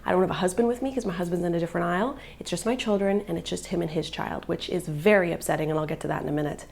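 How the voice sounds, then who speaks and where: A woman's voice: lowish voice, very fast, gravelly, darkish tone. A mother vlogging live, telling an upsetting story in an agitated, emotional way and filling it with "like.". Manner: agitated, upset retelling with many "like" fillers.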